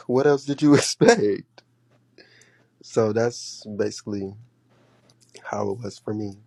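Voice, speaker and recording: An easygoing man chatting casually, with a gravelly edge to his voice. The sound is dry and close, with no room echo, and he nods along and answers loosely. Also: lowish voice, slow pace, darkish tone. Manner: easygoing, agreeable, loose speech with fillers. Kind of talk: casual chat.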